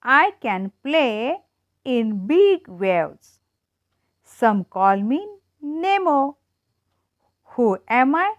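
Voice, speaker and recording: A woman teacher slowly reading animal riddles to children in an emphatic, sing-song way. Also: sits high, big pitch swings, dry recording. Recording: dull lo-fi dry sound.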